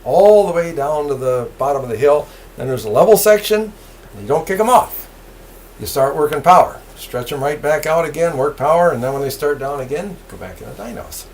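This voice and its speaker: Lively older man telling railroad stories. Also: on the high side, brisk. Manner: lively, laughing, animated storyteller. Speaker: retired railroad engineer. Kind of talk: storytelling interview.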